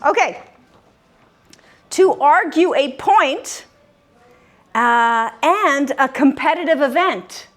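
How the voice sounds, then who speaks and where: Female quiz host, high voice, slow and patient, gives clues and repeats answers to her group. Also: animated, fairly bright tone. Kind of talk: leading a live word game. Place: common room of a senior-living community.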